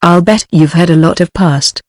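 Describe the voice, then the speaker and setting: Storybook reading: smug young husband, British woman's synthetic voice, flat and dry. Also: on the low side, normal speed, dry recording, natural voice. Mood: complacent. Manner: even synthetic delivery.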